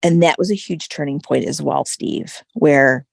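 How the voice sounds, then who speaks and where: A woman with a low, gravelly voice tells a personal story as a podcast guest. She is animated and peppers her talk with "like" and "right?". The sound is dry and close. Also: a little slow, no room sound. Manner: animated, frequent "like" and "right?" fillers.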